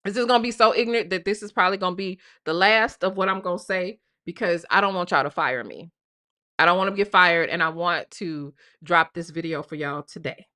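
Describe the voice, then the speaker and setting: Woman, live stream host, bright forceful tone, profane casual gossip delivery. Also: on the low side, a little fast. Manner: blunt, profane, repeats "okay?". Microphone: live stream mic.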